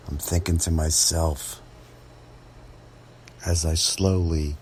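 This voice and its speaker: A man, a real estate agent, telling a true story from his work in a measured, dramatic way. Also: sits low, fairly even intonation, slight background noise. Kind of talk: first-person storytelling podcast.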